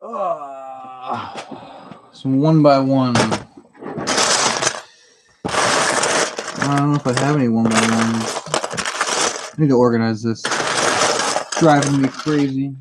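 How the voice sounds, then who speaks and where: Male streamer, laid-back rambling talk, mid-pitch, noisy home audio. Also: steady tone, slow, long pauses. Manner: rambling, answers chat messages as he works. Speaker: livestream host. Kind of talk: casual live-stream chat while building.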